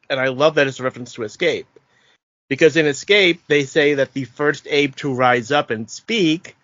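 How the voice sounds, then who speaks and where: A man's voice: mid-range voice, fairly bright tone, no room sound. A man co-hosting a podcast, explaining film details and dropping wry one-line quips. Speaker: podcast co-host. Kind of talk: casual chat about a film. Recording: dull lo-fi dry sound.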